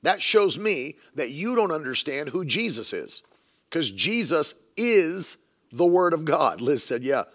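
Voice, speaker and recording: A man's voice: fairly high pitch, sing-song, a little slow, a bit bright. A man preaching a sermon in an emphatic way, repeating lines for stress and mocking the views he argues against.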